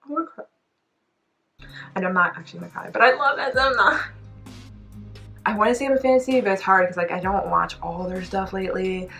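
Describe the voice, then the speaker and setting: A woman vlogging a music reaction, gushing and excitable, with many "like"s as she chats to camera. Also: mid-range voice, quick pace, gravelly. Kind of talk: casual chat to camera.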